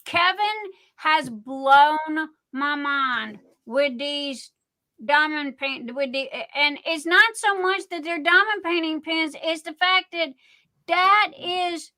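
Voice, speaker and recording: A middle-aged woman hosting a casual livestream, telling stories in a rambling, excitable way. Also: high-pitched, takes it slowly. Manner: rambling, excitable, chatty storytelling. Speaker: livestream host.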